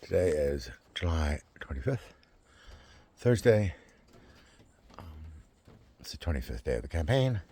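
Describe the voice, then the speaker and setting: Deep-voiced, husky man rambling. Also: a little slow, pauses often. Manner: rambling, excitable, lots of fillers and restarts. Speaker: vlogger running a campaign. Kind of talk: casual rambling monologue.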